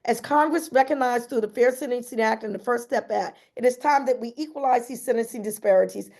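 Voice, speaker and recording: A woman reads from her own memoir in an earnest, heartfelt way, sometimes stepping out of the text to add a personal aside. Her voice sits a little high and has a gravelly, creaky edge. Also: fairly quick, a little mellow. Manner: earnest, emotional, breaks off into personal comments. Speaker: author reading her memoir. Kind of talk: reading aloud with spontaneous asides.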